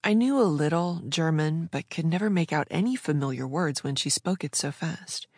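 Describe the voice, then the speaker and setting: A woman with a low-pitched voice reading a story aloud, smooth and measured in her delivery. The recording is dry and close, with no room sound around her. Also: lively intonation, a little mellow, dry recording. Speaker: audiobook narrator. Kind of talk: scripted narration.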